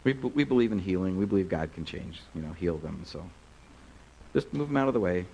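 A man's voice: low-pitched, a little fast, a little hiss or hum, low-quality recording. A male pastor giving a casual, storytelling sermon in a crowded church service. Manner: casual, animated, many "like"s.

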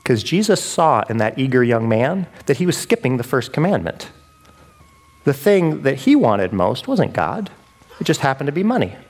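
A man preaching a sermon as pastor, in a lively, conversational way with casual asides. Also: medium pitch, moderate pace, slightly rough.

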